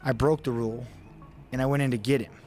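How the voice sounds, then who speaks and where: Guy on a podcast telling a wild story, cusses a lot, mid-pitch voice, acts out what he was thinking. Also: steady tone, fast talker, a little mellow, faint music behind. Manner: vivid, acts out his own inner thoughts; swears freely. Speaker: podcast guest. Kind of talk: casual storytelling.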